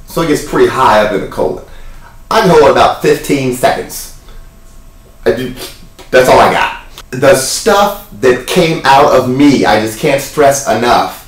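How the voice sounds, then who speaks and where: A man giving an animated, jokey spoken account in a casual vlog. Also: mid-range voice, echoey room, distant mic, low-quality recording. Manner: animated, chatty storytelling with jokes. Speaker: wellness vlogger.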